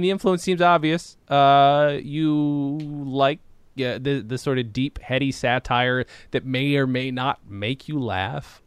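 A man with a mid-range voice hosts a relaxed interview chat and responds with enthusiasm and frequent laughter. His voice sounds dry and close, with no room echo. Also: medium pitch, smooth. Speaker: podcast host.

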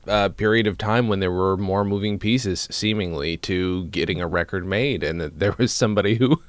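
A man with a fairly low voice hosts a casual interview, reacting with warm enthusiasm and asking open questions. His voice is recorded close and dry, with no room sound around it. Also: dry recording. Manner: enthusiastic, admiring. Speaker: interviewer, podcast host.

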